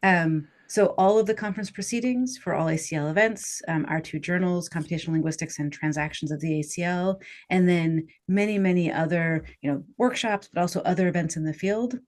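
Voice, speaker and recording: Fast-talking articulate woman guest. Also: fairly low pitch, darkish tone. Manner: fast, articulate, self-aware. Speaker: guest author, linguistics professor. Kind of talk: casual interview conversation.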